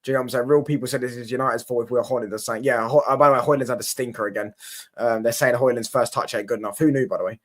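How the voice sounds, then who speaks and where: A man's voice: medium pitch, fairly even intonation, very fast. A brash, sweary young man giving rambling reaction commentary on football. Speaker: football watchalong streamer.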